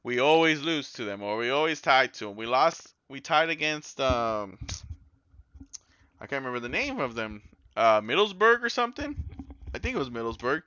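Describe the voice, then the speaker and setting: A man giving casual, excitable gameplay commentary as a gaming YouTuber, yelling and swearing when the game goes wrong. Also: medium pitch, normal speed, no room sound, lo-fi sound.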